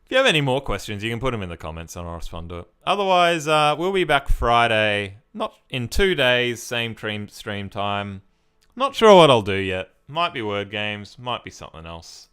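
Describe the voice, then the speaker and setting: Bright, clear-voiced Australian man. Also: medium pitch, very animated, moderate pace. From Victoria, Australia. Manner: chatty, reads and answers chat comments. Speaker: streamer. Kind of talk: casual live-stream chat with viewers.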